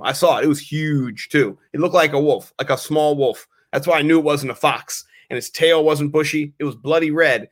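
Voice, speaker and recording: A man in his thirties co-hosting a podcast, telling rambling, animated stories in casual chat with some swearing. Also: mid-range voice, fairly quick. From Maryland, US. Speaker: podcast co-host.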